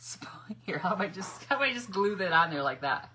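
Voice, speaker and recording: Bright-voiced chatty crafting woman. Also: fairly low pitch, expressive, fast talker, a little hiss or hum. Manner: chatty, laughs often, mutters while working. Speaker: craft vlogger. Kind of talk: casual crafting chat to viewers.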